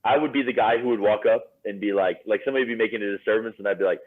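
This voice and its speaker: A man guesting on a podcast, telling animated stories with lots of fillers and laughter. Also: on the low side, very fast, crowd noise. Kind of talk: casual storytelling. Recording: tinny phone-like line.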